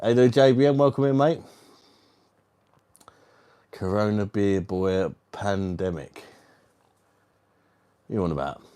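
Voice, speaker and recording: A man from the UK hosts a casual livestream. He chats with viewers and reads their comments aloud. His voice sits fairly low, and his banter is crude and matey. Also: slow pace, long pauses, warm tone, smooth. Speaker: livestream host. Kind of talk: casual live chat reading viewer comments.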